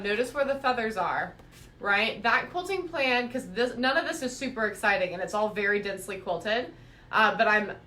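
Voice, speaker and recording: A woman's voice: a little high, a bit bright, distant mic, a little hiss or hum. Chatty woman teaching quilting, echoey room. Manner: chatty, frequent "right?" check-ins. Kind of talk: live-streamed quilting lesson.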